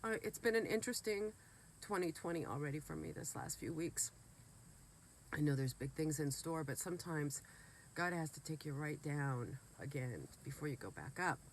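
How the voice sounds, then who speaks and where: A woman's voice: deep voice, normal speed, a little hiss or hum. A woman vlogger, sick and emotional, talking earnestly and bluntly straight to her viewers. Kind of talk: heartfelt direct-to-camera talk.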